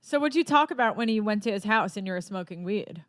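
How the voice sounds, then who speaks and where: A woman's voice: mid-range voice, expressive, fast, no room sound, studio quality. A woman hosting a podcast, chatting casually and prodding her guest with curious questions. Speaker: podcast host. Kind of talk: casual chat.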